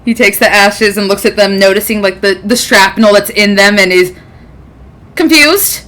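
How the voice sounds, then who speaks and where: A woman's voice: medium pitch, normal speed, fairly bright tone. Woman narrating her tabletop character. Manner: casual, laughs between lines. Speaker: player.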